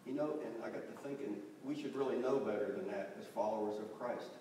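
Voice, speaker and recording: A man's voice: on the low side, fast, dark tone. A man preaching a sermon in a church, telling stories animatedly and acting out the voices of the people in them. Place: church sanctuary. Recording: distant, very echoey church recording with faint noise.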